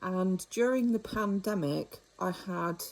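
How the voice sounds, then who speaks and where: A woman's voice: medium pitch, takes it slowly, low-quality recording. An older woman, talking to camera in a chatty, wry monologue full of rambling asides. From United Kingdom. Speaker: vlogger. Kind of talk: casual monologue.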